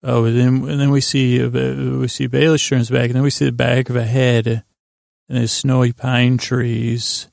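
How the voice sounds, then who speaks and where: A man with a deeply gravelly voice rambles through an episode recap. He speaks in a flat, even tone and often stops to restart his sentences. The recording is dry and close. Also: no room sound. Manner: halting, with many fillers and restarts. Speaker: podcast host.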